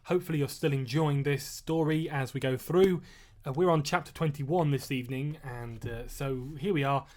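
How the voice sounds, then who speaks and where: A man reading a chapter of his own novel aloud on a live stream, measured and steady, after a casual greeting. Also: medium pitch. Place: at home. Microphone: webcam or phone mic.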